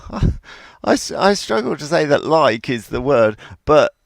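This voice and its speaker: Male horse-trainer host, animated delivery, rambling storyteller. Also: a little high, gravelly, no room sound. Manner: rambling, digressive, chuckling storyteller. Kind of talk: casual advice talk with anecdotes.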